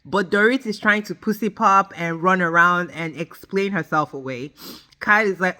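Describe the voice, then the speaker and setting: This reality TV reviewer has a voice on the low side and a moderate pace. Her recap is an emphatic, animated rant, full of swearing and aimed right at her audience.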